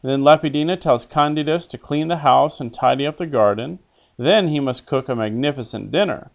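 In a lo-fi recording, a man leads an elementary Latin lesson, reading phrases for a pupil to repeat, translating them, and quizzing patiently while answering his own questions. His mid-range voice has vocal fry and moves fairly quickly.

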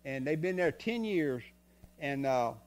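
An older man, preaching a sermon as a guest speaker. He talks in a folksy, storytelling way and moves between soft asides and loud stretches. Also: a little high, animated, unhurried. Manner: folksy, tells stories, swings from soft to loud. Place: church sanctuary.

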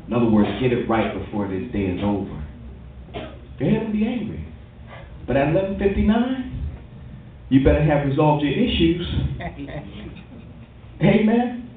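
A man pastor preaching a sermon in a church, lively and calling for responses. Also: medium pitch, slight background noise. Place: church hall. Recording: tinny, distant, very echoey church recording.

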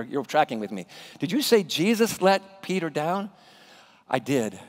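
Animated male pastor preaching in a hall. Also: gravelly. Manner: animated, drops to a hushed low voice for emphasis. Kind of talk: sermon. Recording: reverberant church hall.

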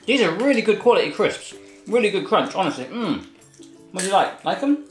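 A man's voice: sits high, big pitch swings, fairly quick. A man hosting a casual food taste test with his daughter, chatty and jokey. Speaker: cooking channel host tasting food with his daughter. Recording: roomy echo with faint music.

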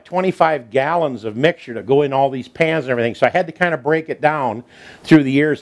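A man hosting a home cooking show, telling stories in a chatty, folksy country way while he cooks in his kitchen. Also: mid-range voice. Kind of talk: folksy storytelling cooking demo.

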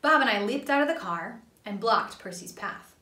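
A woman reading a children's book aloud in an animated, expressive way, doing the story's voices. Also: fairly high pitch, normal speed. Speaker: storybook reader. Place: church room. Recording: echoey room, mic far off.

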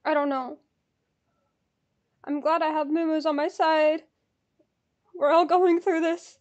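A woman's voice: high voice, fairly even intonation, takes it slowly, pauses often, a little mellow, muffled recording. A woman vlogging as she waits to buy concert tickets, anxiously repeating herself and dropping to mutters and whispers. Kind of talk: nervous live commentary.

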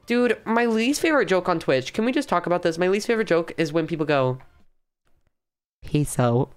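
A woman's voice: lowish voice, animated, quick pace, clear, resonant tone, soft background music. A young woman streaming from her bedroom, chatting casually with a hyper, playful, mock-dramatic manner. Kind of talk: casual live-stream chat. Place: bedroom at home.

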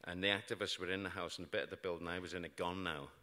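A man's voice: low voice, steady tone, rapid-fire, bright, forceful tone. A middle-aged British man telling a true story to a live audience with wry, self-mocking humour about grim events. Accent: British English. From Britain. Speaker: storyteller on stage. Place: large hall before an audience. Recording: live hall with long reverb.

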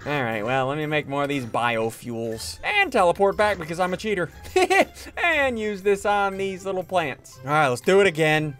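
Man, gaming host, excitable play-by-play, high voice, very lively pitch. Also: normal speed, faint music behind. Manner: excitable, narrates his own moves, yelps and shouts when panicking. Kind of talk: Minecraft let's-play commentary.

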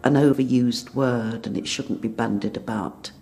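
An older woman looks back in an interview, speaking softly and haltingly. Her voice has a gravelly fry, and faint music sits underneath. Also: a bass voice. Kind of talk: reminiscing interview.

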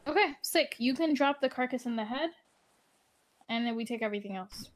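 A woman's voice: on the high side, a little fast. A woman chatting casually during a role-play game, chatty and teasing. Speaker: fellow role-play player.

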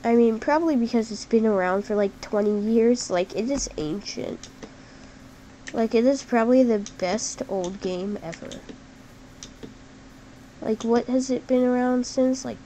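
Girl chatting thru a game, kinda high voice, slow drawl, keeps saying like, bursts out yelling. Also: a little hiss or hum, rough recording. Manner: chatty and excitable, heavy use of "like", sudden shouts. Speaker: gameplay commentator. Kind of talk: casual game commentary. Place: at a computer while gaming.

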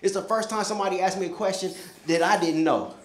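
A man's voice: high voice, fast. A man in his thirties from the United States, performing a stand-up comedy set with loose, conversational storytelling. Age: 30s. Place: comedy club stage before a live audience. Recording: echoey room with audience laughter.

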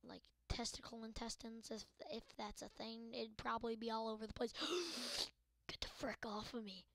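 A woman's voice: on the high side, level tone, a little fast, creaky, fairly bright tone, no room sound. A young woman hosting a let's-play video, giving hyper, goofy, rambling commentary into a desk mic. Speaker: gaming video host.

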